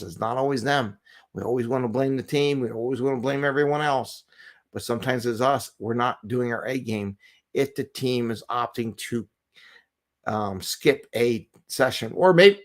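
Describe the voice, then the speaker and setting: An earnest middle-aged man talks casually on a live stream from his home. He rambles, repeats himself and laughs lightly between thoughts. His pitch sits in an ordinary middle range. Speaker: agile coach and show host. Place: home, with a cat nearby.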